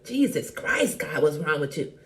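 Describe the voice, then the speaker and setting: A woman hosting a casual live chat show, talking in a sassy, animated and blunt way and greeting viewers by name. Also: deep voice, normal speed, a little hiss or hum. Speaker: host.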